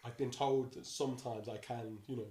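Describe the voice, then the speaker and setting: He's a dungeon master guesting on a podcast, speaking casually with a bassy voice, full of playful energy and quick switches into character voices. The sound is reverberant.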